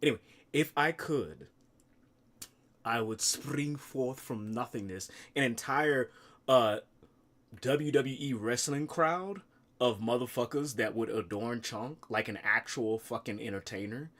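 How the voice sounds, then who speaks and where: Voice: mid-range voice, unhurried, a bit bright. A streamer chatting casually on a live stream, rambling and swearing playfully.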